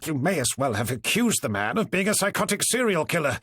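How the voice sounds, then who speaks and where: A man doing a booming blustery superintendent. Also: very animated, brisk, a bit bright, breathy edge, dry recording, clean studio sound, exaggerated voice. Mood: angry. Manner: booming, jovial and ingratiating.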